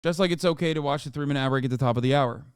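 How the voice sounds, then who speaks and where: A man's voice: mid-range voice, rapid-fire, smooth, dry recording, clean studio sound. A man in his thirties streaming a casual reaction, exasperated and ranting, swearing often.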